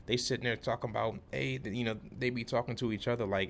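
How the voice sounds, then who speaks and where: A man's voice: medium pitch, fairly even intonation, fast, vocal fry, few pauses, slight background noise. A young man telling a rambling, casual vlog story about his work day, full of slang and restarts. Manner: rambling, lots of fillers and restarts, laid-back slang. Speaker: vlogger, electrical apprentice.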